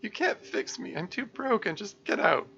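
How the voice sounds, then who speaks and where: A man voicing an anxious, self-loathing teenage schoolgirl in a high, strained, tearful voice. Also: lively intonation, normal speed, gravelly, sharp tone, muffled recording, full character voice. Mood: pushing away.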